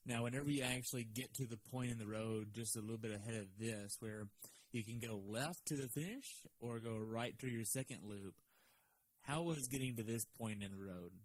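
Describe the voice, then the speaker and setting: A man's voice: mid-range voice, moderate pace, no echo, rough recording. A man hosting a podcast interview, asking long, detailed, meandering questions. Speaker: podcast host.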